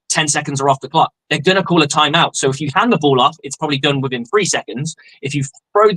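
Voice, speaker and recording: A man's voice: a little high, no echo, poor audio. A man co-hosting a live stream, breaking down football plays step by step as a coach. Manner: explains plays step by step, fast and energetic. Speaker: co-host, coach.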